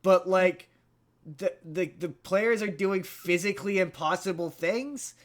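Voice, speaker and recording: A man's voice: high-pitched, a little slow. A man hosting a podcast, casually retelling a movie plot in a rambling way, with lots of restarts. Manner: rambling, many restarts, puts on character voices in retellings. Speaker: podcast host.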